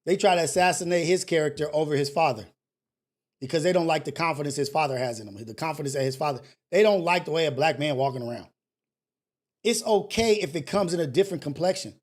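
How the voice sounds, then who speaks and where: A man's voice: fairly high pitch, quick pace. A man hosting a call-in talk show, ranting bluntly and emphatically, with slang and profanity and lots of repetition. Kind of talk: casual motivational talk show rant.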